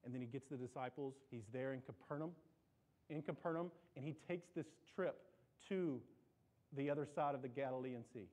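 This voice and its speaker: A man preaching a sermon in a church, animated, often repeating and restarting his words. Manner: animated, climbs in pitch and volume for emphasis. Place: church sanctuary.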